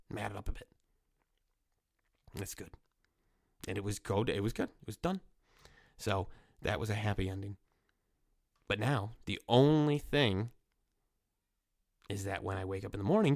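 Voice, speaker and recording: A young man with a cold telling a rambling comic story, full of fillers, sometimes jumping into squeaky voices for the people he quotes. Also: gravelly, no room sound, studio quality. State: nasal from a cold. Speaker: comedy podcast host.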